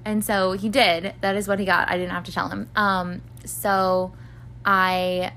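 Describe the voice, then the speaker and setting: A woman's voice: medium pitch, flat delivery, measured pace, pushed and bright, a little hiss or hum. Rambling young woman telling a story. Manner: rambling, filler-heavy, swears freely, acts out voices of others. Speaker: podcast host. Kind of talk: casual storytelling monologue.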